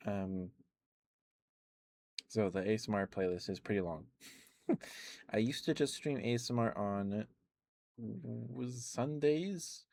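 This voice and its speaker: A man chatting casually with stream viewers, relaxed and rambling with soft laughs. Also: lowish voice. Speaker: ASMR streamer.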